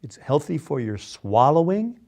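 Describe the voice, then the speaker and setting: A man's voice: fairly high pitch, sing-song, unhurried, creaky, mellow. A man leading a guided voice exercise class, patiently coaching and demonstrating yawns and sung tones. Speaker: voice and speech exercise instructor.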